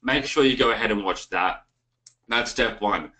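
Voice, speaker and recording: A man's voice: fairly low pitch, normal speed, bright, forceful tone, poor audio. An Australian man hosting an online marketing webinar, talking casually and calling the viewers guys. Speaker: webinar host.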